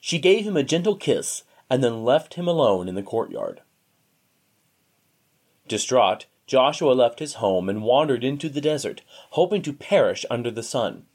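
A man narrating a story in an expressive, steady reading voice. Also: mid-range voice, normal speed.

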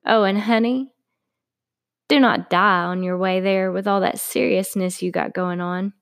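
A woman's voice: mid-range voice, steady tone, a little slow, vocal fry. A woman voicing a sneering, crude adult man who mocks his girlfriend, read in a storybook podcast. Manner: sneering, dismissive. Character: mocking, crude adult man, a controlling boyfriend.

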